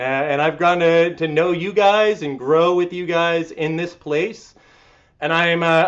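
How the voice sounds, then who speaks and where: A man leading a fitness class from his apartment, calmly counting through stretches and breaths, then thanking members in a sentimental, upbeat way. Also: a little high. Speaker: fitness instructor. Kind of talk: guided cool-down and live class sign-off. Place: apartment home studio. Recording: dull lo-fi sound.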